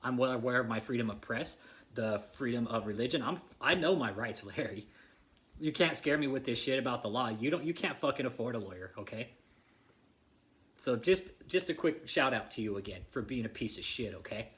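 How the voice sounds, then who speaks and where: A man's voice: medium pitch, expressive, fairly quick, a bit bright. A man vlogging an angry, profane rant straight to the camera, repeating himself and confronting someone by name. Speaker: vlogger exposing a church.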